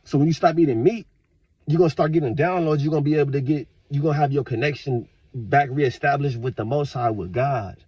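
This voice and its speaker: A man talking straight to his viewers in a casual, profane, rambling rant, with sudden loud outbursts. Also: on the high side, brisk, breathy edge, no echo, lo-fi sound. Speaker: vlogger. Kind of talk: casual monologue to camera.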